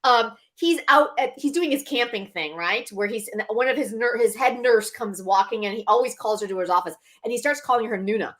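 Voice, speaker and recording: A woman co-hosting a casual chat show, animated and laughing as she acts out scenes. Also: on the high side, a little fast, hardly any pauses. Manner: animated, laughing, acting out scenes with quoted voices. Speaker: podcast co-host.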